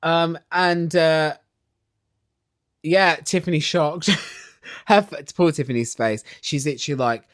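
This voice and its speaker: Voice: mid-range voice, takes it slowly, pauses often, dry recording, studio quality. A vlogger ranting casually and sarcastically through a reality TV recap, opinionated and swearing.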